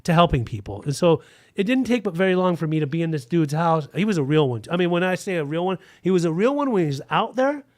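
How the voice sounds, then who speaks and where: A man in his forties tells a frank, rambling story in a podcast interview, with "like" scattered through his speech. His voice sits a little high for a man. The recording is dry, with no room sound. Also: animated, fast talker, no room sound. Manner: rambling, frank, full of "like" fillers.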